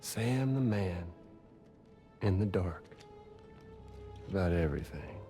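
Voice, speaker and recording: A mocking, drawling villain. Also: male voice, sits low, expressive, slow pace, warm tone, faint music behind, exaggerated voice. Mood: taunting. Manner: mocking, drawling, sing-song taunts. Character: taunting theatrical male villain.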